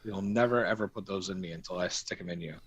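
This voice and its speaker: A man's voice: sits low, fast talker, breathy edge, dry recording, highs cut off. A man telling a crude anecdote on a casual stream, swearing and acting out the quotes. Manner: profane, animated storytelling with acted-out quotes. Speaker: storyteller on a stream.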